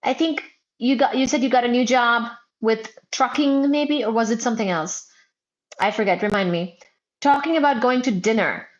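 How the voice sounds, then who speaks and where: Loud, playful woman on a livestream. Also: on the high side, muffled recording. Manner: loud and playful, often near shouting. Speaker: physics livestream host. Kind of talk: casual livestream chat reading comments. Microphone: wearing headphones.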